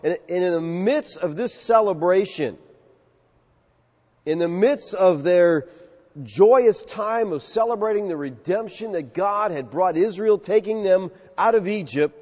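A man's voice: on the high side, a little mellow. A male pastor preaching an expository sermon in an emphatic, conversational way, acting out quotes. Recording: muffled sound with long hall reverb.

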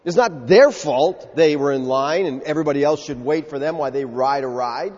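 Man preaching, high voice, lively storytelling, long hall echo, muffled lo-fi sound. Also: a little fast. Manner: animated storytelling, acts out quoted voices. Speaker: pastor. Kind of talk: sermon with personal stories.

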